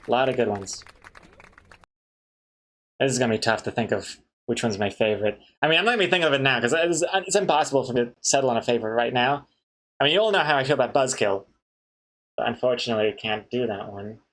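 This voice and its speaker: A man's voice: medium pitch, fairly bright tone. A man chatting casually on a live stream, reading viewer messages aloud and joking with the chat. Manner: chatty, reads chat aloud, laughs at jokes. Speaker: comic artist streamer.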